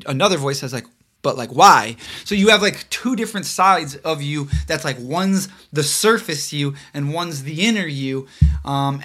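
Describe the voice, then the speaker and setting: Excitable high-voiced young man chatting. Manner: excitable, animated, trails off and restarts. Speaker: podcast co-host. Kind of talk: casual chat.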